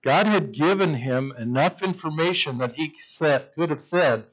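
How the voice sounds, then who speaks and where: A man's voice: fairly high pitch, a little slow, dull audio. A male pastor preaching a sermon, retelling scripture as a story and acting out its voices.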